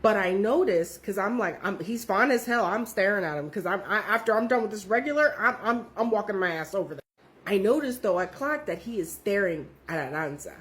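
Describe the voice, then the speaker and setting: A woman's voice: mid-range voice, lively intonation, fairly quick. A young woman telling her own story in a casual, profane, emphatic way.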